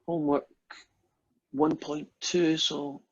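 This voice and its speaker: Male math teacher, husky, chatty and friendly, dull call-quality audio. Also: on the high side, little pitch movement, slow pace. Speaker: math instructor. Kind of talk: online class, casual. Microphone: video call.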